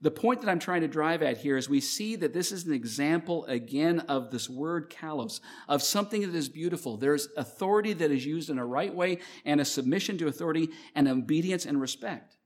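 A middle-aged man from Canada, a pastor delivering a sermon in a conversational storytelling way, with lively swings between louder and softer phrases. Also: on the high side, a little fast, hardly any pauses.

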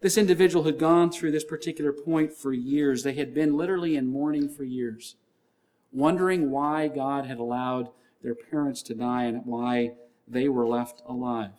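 Male pastor, sermon, earnest, middle pitch, repeats key lines. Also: fairly even intonation, moderate pace. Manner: acts out shouting gym trainers with a louder voice.

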